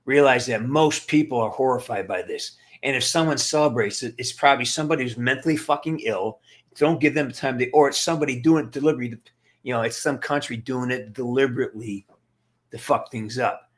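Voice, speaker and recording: This middle-aged man's casual livestream rant to his chat is profane, blunt, and emphatic as he responds to viewers. His medium-pitched voice moves fairly quickly.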